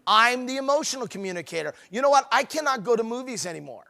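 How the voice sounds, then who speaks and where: A middle-aged man speaking at a marriage seminar, telling humorous stories with animated, playful self-mockery. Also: extremely high pitch, quick pace, creaky. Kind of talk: humorous seminar talk to couples.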